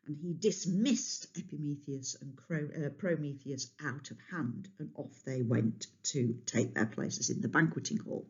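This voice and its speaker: A woman telling a myth to children in a lively, chatty way, stopping to explain words, on a dull lo-fi recording. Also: low voice, a little slow, few pauses, slightly rough. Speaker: storyteller. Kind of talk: storytelling to children.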